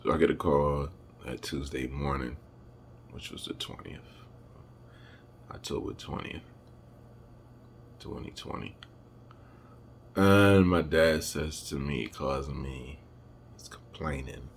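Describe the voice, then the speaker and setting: A man telling a personal family story to camera, emotional and halting as he searches for words. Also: a bass voice, vocal fry, slight background noise. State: emotional, holding back tears. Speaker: vlogger.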